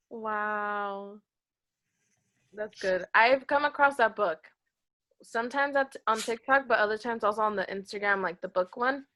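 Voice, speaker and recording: A woman's voice: a little high, unhurried, pauses often, bright, forceful tone. A woman hosting a book club video call, chatty and dropping in Spanish phrases. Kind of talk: casual video call chat.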